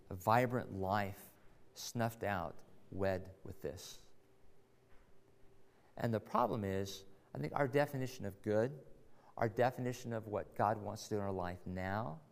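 Gravelly preacher in a reverberant hall. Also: male voice, fairly low pitch. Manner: earnest, building to emphatic rhetorical questions. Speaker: pastor. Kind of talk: sermon. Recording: long reverb of a large hall.

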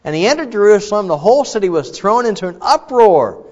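A man preaching a sermon in a conversational way, with many fillers and restarts. He breaks into loud, high shouts when he acts out the crowd. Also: sing-song, fast. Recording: dull, reverberant hall sound.

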